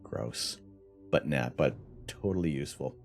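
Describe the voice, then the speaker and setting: A man's voice: a bass voice, measured pace, vocal fry, loud music behind the voice. A middle-aged Canadian man hosting a live stream, chatty and self-mocking, laughing often as he reads out explanations and answers chat. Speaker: livestream host.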